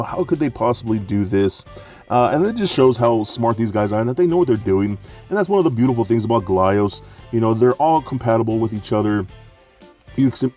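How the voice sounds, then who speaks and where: Gushing man reviewing toys. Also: mid-range voice. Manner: excited and gushing, with many fillers and restarts. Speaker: toy reviewer. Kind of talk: enthusiastic toy review.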